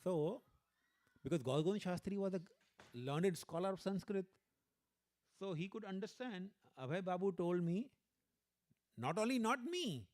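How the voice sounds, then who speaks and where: A man giving a religious lecture as a guest speaker, telling stories in an animated way, often saying "you know" and acting out the people he quotes. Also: high voice. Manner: animated storyteller, acts out quoted voices, frequent "you know".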